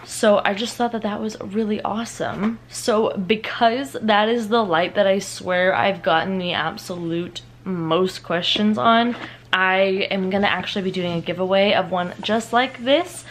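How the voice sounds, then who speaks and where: A woman's voice: medium pitch, a little slow. A young adult woman chatting casually at home in a rambling, self-mocking way as a book vlogger. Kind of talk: casual vlog chat. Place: home, indoors at night.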